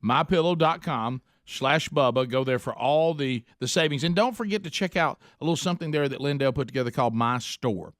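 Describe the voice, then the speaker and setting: A man's voice: medium pitch, lively intonation, fairly quick, few pauses, fairly bright tone, no echo. A man hosts a call-in radio show from the studio, easygoing and playful as he moves from sponsor plugs to callers. His voice sits in a middle range. The mic is close and dry, with no room sound. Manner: playful, sings a silly jingle between ads and calls. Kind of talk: casual radio talk, taking calls.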